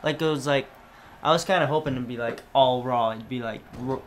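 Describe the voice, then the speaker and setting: A man's voice: medium pitch, fairly quick. Teasing man chatting, faint hiss. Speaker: podcast co-host. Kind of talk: casual review chat.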